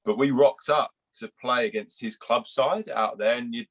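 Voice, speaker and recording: A man's voice: mid-range voice, normal speed, low-quality recording. A young man from England, a guest cricketer, telling rambling anecdotes with restarts and some swearing. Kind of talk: casual storytelling.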